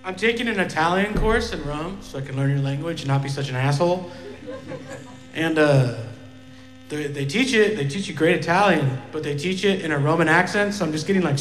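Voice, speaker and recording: A man's voice: fairly high pitch, brisk. A man doing a stand-up comedy set in a loose, profane, self-deprecating way, on a handheld stage mic in a live venue. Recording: echoey live club with reverb and faint music.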